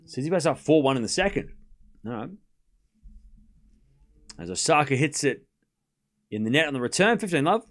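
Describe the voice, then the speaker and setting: A man hosting a live tennis watchalong stream, calling points in quick bursts and chatting with viewers, often stumbling over player names. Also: fairly high pitch, sing-song, fairly bright tone. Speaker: livestream tennis watchalong host. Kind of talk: live play-by-play commentary mixed with casual chat.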